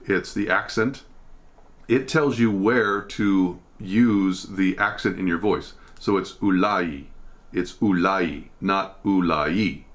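A man's voice: sits low, slow. A man from America teaching a casual Bible study, explaining verses and thinking aloud as he goes.

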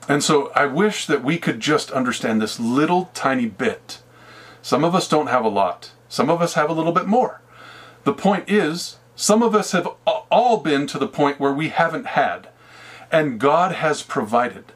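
Husky-voiced man preaching casually. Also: on the high side, expressive, brisk, a bit bright. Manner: conversational, acts out imagined dialogue with God; laughs now and then. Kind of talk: casual sermon.

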